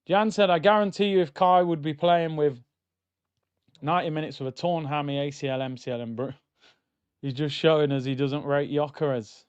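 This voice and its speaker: Male watchalong host, fired-up match banter, a bit high, slightly muffled dry mic. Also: normal speed, smooth, dry recording. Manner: excitable, banter-heavy, shouts at goals. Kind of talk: live match watchalong commentary.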